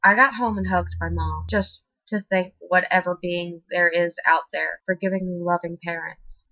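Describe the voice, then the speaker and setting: Woman narrating horror with bright voice. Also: fairly low pitch, fairly even intonation, moderate pace, no echo. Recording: slightly muffled dry recording.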